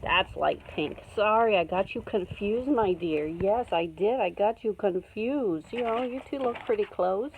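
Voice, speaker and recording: A woman's voice: medium pitch, a little slow, few pauses. A woman talking to her puppies on a phone camera in sing-song baby talk, at times dropping to a whisper. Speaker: dog breeder filming her puppies. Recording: tinny phone-like audio with clear background noise.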